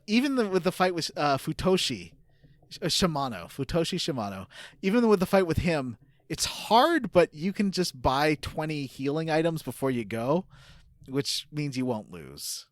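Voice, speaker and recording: A man co-hosts a casual gaming podcast, laughing often and explaining the game's plot with lots of filler words. His voice sits on the high side and is very animated, at a moderate pace, in a dry recording.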